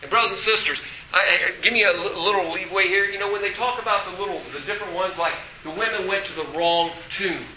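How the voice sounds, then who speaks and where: Bright-voiced animated man preaching. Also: high voice, quick pace, hardly any pauses, echoey room, slight background noise, poor audio. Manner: animated, breaks into shouts and acted quotes. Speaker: pastor. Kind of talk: sermon.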